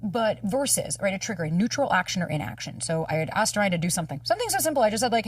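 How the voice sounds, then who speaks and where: A woman dating coach telling a personal story in candid conversation, animated and casually swearing as she acts out dialogue. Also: mid-range voice, racing, few pauses, slightly rough, no echo, far from the mic. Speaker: dating coach and podcast guest.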